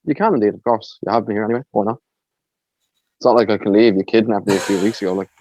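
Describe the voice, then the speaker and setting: A man's voice: lowish voice, fast talker, a little mellow, rough recording. A man with an Irish accent, co-hosting a podcast in laid-back casual chat, saying "like" a lot. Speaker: podcast co-host.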